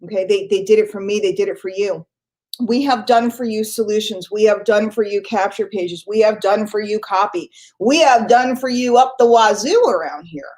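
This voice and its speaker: A middle-aged woman giving an emphatic, energetic motivational morning talk to her business team, often laughing. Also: medium pitch, normal speed. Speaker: network marketing trainer.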